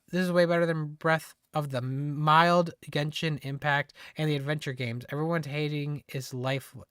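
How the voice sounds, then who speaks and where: A live streamer in casual chat with viewers, excitable, laughing often and teasing the chat. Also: mid-range voice, clean tone, no room sound, clean studio sound.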